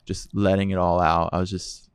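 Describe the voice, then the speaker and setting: A man speaking as a podcast guest, telling his testimony in a casual, animated way and quoting others in dialogue. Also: low voice, moderate pace, smooth, no room sound, clean studio sound.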